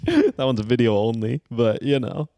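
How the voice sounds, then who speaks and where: Gravelly, deadpan young man cohosting. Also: medium pitch, normal speed, dry recording. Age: 20s. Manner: wisecracking, deadpan. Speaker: podcast co-host. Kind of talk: casual banter.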